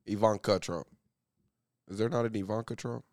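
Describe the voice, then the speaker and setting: A man's voice: lowish voice, fairly even intonation, moderate pace, darkish tone, no room sound, clean studio sound. A man co-hosting a podcast, joking crudely, swearing and laughing often in casual banter. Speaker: podcast co-host.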